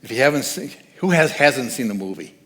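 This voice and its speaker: A man's voice: mid-range voice, expressive, fairly quick, a bit bright. A man speaking as guest speaker at a church service, giving a conversational, joking sermon and laughing at his own asides.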